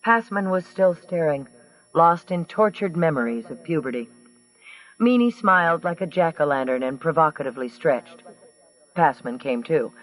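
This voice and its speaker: A man reading a crime novel aloud in a dry, even storytelling manner. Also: a little high, normal speed, far from the mic, poor audio. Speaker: audiobook narrator. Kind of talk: scripted narration.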